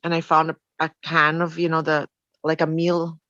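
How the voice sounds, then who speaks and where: A woman's voice: low voice, completely flat delivery, moderate pace, bright, forceful tone, no room sound. A middle-aged woman, frankly telling her life story in rambling speech full of "you know" fillers. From Canada. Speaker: storyteller guest. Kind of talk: personal storytelling. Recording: dull, dry lo-fi recording.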